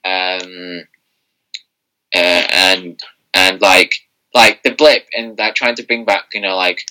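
Podcast guy with a super bright sharp voice, rambles, lots of likes and um. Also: low-pitched, little pitch movement, slow pace, rough recording. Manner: rambling, heavy on fillers and restarts. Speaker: podcast co-host. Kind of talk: casual chat.

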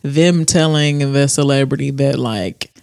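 A woman's voice: extremely low pitch, measured pace, no room sound, clean studio sound. A woman co-hosting a casual podcast, talking frankly and telling stories with mimicked quotes. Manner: candid, animated storytelling with mimicked quotes; explicit, frank commentary. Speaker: podcast co-host.

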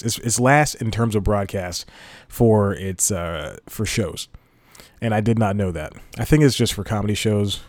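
A man's voice: fairly low pitch, darkish tone, no echo. A man hosting a casual solo podcast, rambling and laughing at his own jokes. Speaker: podcast host.

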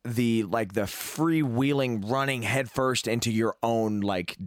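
Young male podcast host, mid-pitched, rambling and profane, dry recording. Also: slow, no room sound. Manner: rambling, filler-heavy, swears often. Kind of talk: casual chat about music.

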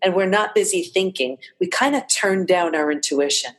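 A woman's voice: on the low side, moderate pace. A woman being interviewed, explaining her ideas earnestly with images and examples. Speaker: guest, researcher of women. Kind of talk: reflective interview talk.

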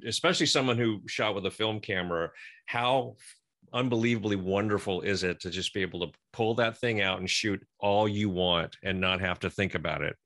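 A man's voice: on the low side, brisk, fairly bright tone. A man co-hosting an interview podcast, asking questions in an enthusiastic, exclamatory way. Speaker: co-host. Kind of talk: casual interview.

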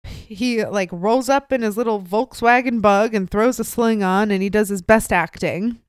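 A young woman co-hosting a podcast, telling a true-crime story in casual, animated chat, swearing freely and acting out the people in it. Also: medium pitch, moderate pace, clean tone, no echo, clean studio sound. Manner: animated, profane, acts out quoted voices. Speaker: podcast co-host.

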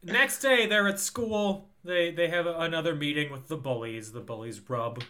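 A man's voice: on the high side, moderate pace, pushed and bright, a little hiss or hum. A young man co-hosting a podcast, chatting casually and rambling through a film recap. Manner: rambling, trails off with ums. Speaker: podcast co-host.

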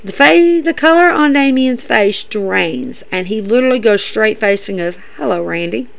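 A woman's voice: a little high, expressive, normal speed, creaky, rough recording. A young woman enthusiastically retelling wrestling events in a casual, chatty recap.

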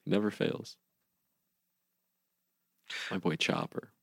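Young male podcast co-host, low gravelly voice, animated delivery, dry close sound. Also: takes it slowly, no room sound. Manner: excitable, swears, acts out scenes in goofy voices. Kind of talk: casual chat about a cartoon series.

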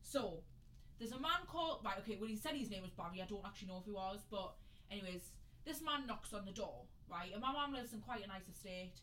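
Chatty bright-voiced woman. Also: mid-range voice, fast talker, slight background noise, rough recording. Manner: chatty, animated, acts out quotes. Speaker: podcast co-host. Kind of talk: casual chat, storytelling.

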